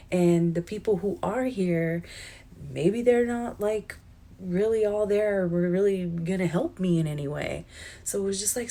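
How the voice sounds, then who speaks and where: A young woman with a low voice recounts a personal story in a casual vlog. She talks in a loose, chatty flow full of "like" and "um," and her voice is close to tears. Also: dark tone. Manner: chatty and emotional, with many "like" and "um" fillers. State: teary-eyed. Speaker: vlogger. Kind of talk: personal life-update vlog.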